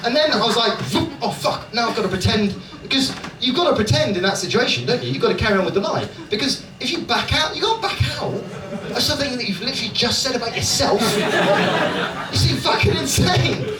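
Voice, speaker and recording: Male comic from Dorset, chatty and sweary, high pitch, recorded from a distance. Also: animated, fairly quick, a crowd in the background. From Dorset, England. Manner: chatty, profane, frequent "right?" tags. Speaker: stand-up comedian. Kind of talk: live stand-up with crowd work. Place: comedy club in London. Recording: roomy live club, loud audience noise.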